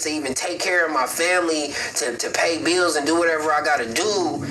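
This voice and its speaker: Grieving father, interview, halting, repeats words, voice cracking; high-pitched male voice, off-mic with audible noise. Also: distant mic. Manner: halting, repeats words while searching for them. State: grieving, voice breaking. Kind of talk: emotional news interview.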